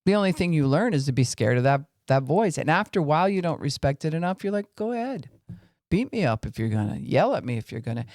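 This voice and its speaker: A man's voice: mid-range voice, darkish tone, no room sound. Male podcast teacher, earnest, mid-range voice, dry recording. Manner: earnest, acts out angry and weary voices to illustrate. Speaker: Christian podcast speaker. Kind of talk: teaching talk on faith and family.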